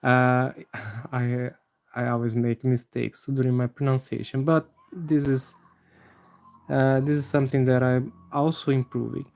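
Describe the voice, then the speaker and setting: Mellow-voiced man teaching live anatomy drawing. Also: medium pitch, level tone, vocal fry. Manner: halting, many fillers and restarts, friendly to viewers. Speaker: anatomy drawing livestream host. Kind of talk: live drawing tutorial with chat greetings.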